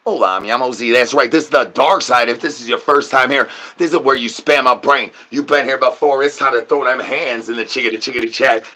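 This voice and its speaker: Husky-voiced guy rambling crude jokes at his viewers, slangy and goofy, mid-pitched. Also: brisk, few pauses, bright, forceful tone. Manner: crude, slangy, joking patter with playful repeated catchphrases. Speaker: comedic streamer host. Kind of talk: rambling absurd comedy monologue.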